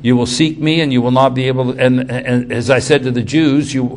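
A man preaching a sermon, reading scripture aloud and acting out the quotes with sudden swings in loudness and pace. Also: medium pitch, fairly even intonation, brisk, slight background noise. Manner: dramatic quoting of scripture, shifting loudness and pace.

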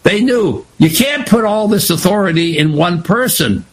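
A husky, fairly high-pitched man leads a Bible study lesson. He talks in an animated, wandering way, often breaking off into side stories. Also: moderate pace, rough recording. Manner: animated, digressive storytelling. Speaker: Bible teacher.

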